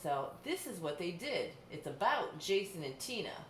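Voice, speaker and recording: A woman's voice: on the low side, sing-song, normal speed. Woman teacher explaining a lesson patiently. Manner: patient, explaining step by step with examples. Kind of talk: distance-learning lesson. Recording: echoey room, faint background hum.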